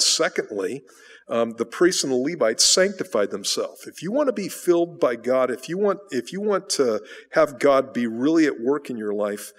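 A man's voice: medium pitch, big-room sound. A male pastor giving a conversational sermon, asking rhetorical questions and repeating words as he rephrases, recorded in a church sanctuary. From United States.

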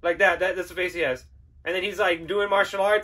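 A man's voice: high voice, steady tone, a little fast, pushed and bright, a little hiss or hum. A man hosting a podcast, giving a casual, profane and sarcastic film review with frequent laughter. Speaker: podcast host.

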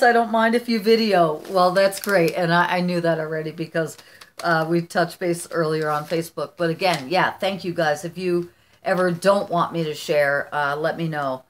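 A woman's voice: on the low side, steady tone, measured pace. A middle-aged woman from the United States chatting casually on her vlog as she opens fan mail, gushing and rambling with many restarts. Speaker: vlogger.

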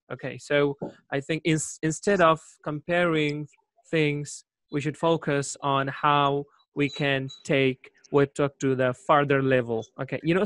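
A man's voice: on the high side, dry recording. Earnest man on a voice call, dry sound. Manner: earnest, thoughtful, speaks at length with hesitations. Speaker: chat participant. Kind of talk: casual group voice chat. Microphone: computer microphone on a video call.

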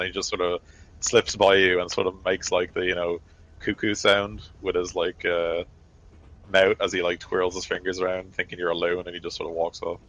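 Brief: game master, very low voice, rambling and casual in his narration. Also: flat delivery, normal speed, fairly bright tone, rough recording. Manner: loose, rambling narration full of fillers.

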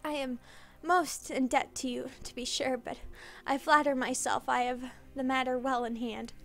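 A woman doing a nervous stammering gentleman. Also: sits high, little pitch movement, normal speed, creaky, soft background music. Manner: stammering, hesitant. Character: nervous, fawning, frightened gentleman father.

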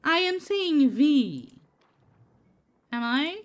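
A woman streamer talks to her chat while she plays, unhurried and easygoing. Her voice is a little high and swings up and down a lot. She laughs often and greets viewers by name. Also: very animated. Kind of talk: casual live-stream chat while gaming.

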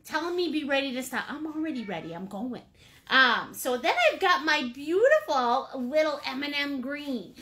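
A woman's voice: high voice, animated, moderate pace, fairly bright tone. A woman leading a live painting class, bubbly and playful, greeting viewers with pet names. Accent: Maine. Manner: bubbly, playful, chatty with endearments. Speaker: painting instructor.

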